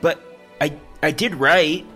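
A man plays his character at the table, flustered and tripping over his words. His voice is bright and a touch high, with faint music behind. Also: takes it slowly. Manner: flustered, stammering. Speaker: player. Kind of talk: in-character role-play.

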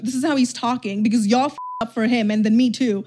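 A young woman influencer telling a storytime vlog, chatty and animated, with lots of "like". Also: on the high side, fast, hardly any pauses.

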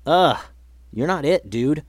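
A man's voice: fairly high pitch, lively intonation, takes it slowly, slightly rough, no room sound, voice pushed up, full character voice. A man voicing a blunt, level-headed boy who speaks in a plain, matter-of-fact way.

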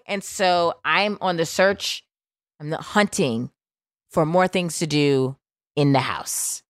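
A woman in her thirties hosts a podcast with a loose, playful and brash manner, swearing freely as she chats. Her voice sits fairly low. The sound is dry and close, with no room around it. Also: takes it slowly, dry recording. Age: 30s. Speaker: podcast host. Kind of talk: casual chat.

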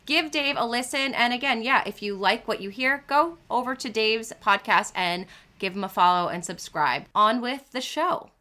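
A woman co-host speaks in a friendly, promotional podcast voice. Her tone is bright and slightly high. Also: moderate pace. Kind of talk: casual podcast chat.

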